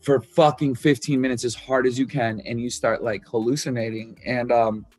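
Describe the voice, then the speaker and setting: A man's voice: medium pitch, fairly even intonation, normal speed, a little mellow, no echo, soft background music. A man talking about writing his album, loose and candid, swearing freely and full of fillers. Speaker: musician discussing his album. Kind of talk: casual talk about songwriting.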